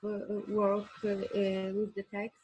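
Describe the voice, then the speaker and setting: A woman's voice: mid-range voice, monotone, takes it slowly, darkish tone, slightly rough, highs cut off. A woman interviewer asking a question hesitantly, searching for her words.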